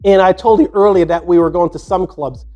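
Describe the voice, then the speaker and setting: A man's voice: high voice, brisk, warm tone. A man in his sixties from Jamaica, with a Jamaican accent, hosting a podcast and telling stories from his youth in a rambling, conversational way full of restarts and asides. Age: 60s. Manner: rambling, with frequent restarts and "you know" asides. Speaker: podcast host. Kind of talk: casual storytelling monologue.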